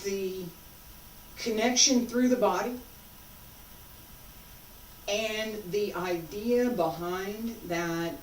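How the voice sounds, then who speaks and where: A woman instructor leading a martial arts practice, giving calm, repeated cues and asking questions as she demonstrates. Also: mid-range voice, a little hiss or hum. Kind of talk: teaching while demonstrating. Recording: echoey room, voice from a distance.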